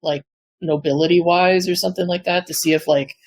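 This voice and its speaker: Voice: mid-range voice, fairly even intonation, a little fast, no echo. A player in a tabletop game who rambles with many fillers. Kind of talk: casual tabletop game chat.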